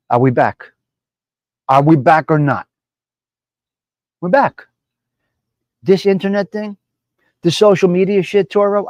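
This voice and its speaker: A man's voice: high voice, a little mellow, no echo. A man hosting a live stream from his apartment, swaggering and profane, repeating lines for emphasis. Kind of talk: brash casual live-stream chat.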